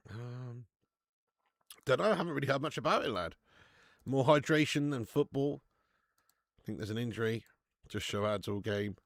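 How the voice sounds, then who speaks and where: Excitable man on a dry mic. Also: mid-range voice, normal speed, pauses often, no room sound. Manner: excitable, swears, reads chat comments aloud. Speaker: live-stream host. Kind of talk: casual football watch-along commentary.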